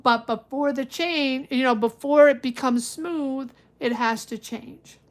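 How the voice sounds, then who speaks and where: A woman's voice: sits high, a little slow. A woman giving a live-stream tarot reading, chatty and reassuring, thinking aloud with lots of fillers. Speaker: tarot reader.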